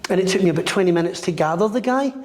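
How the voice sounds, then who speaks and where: A man's voice: high voice, racing. A man talking as a guest in an interview, telling stories and acting out the voices of the people in them. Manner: animated, acts out the voices in his stories. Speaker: psychic medium guest. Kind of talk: storytelling in a podcast interview. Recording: roomy with long reverb.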